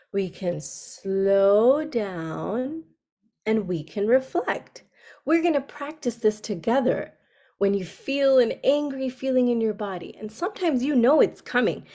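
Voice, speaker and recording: A woman telling a story to children on a video call, speaking gently and asking them questions. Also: on the high side. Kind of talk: interactive story session for kids.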